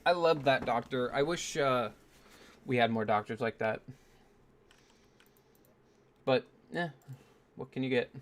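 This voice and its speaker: Male gaming host, mid-pitched, chatty and rambling, casual storytelling with lots of "uh"s. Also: measured pace, long pauses. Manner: rambling, full of fillers and self-mocking asides. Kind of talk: casual storytelling while playing.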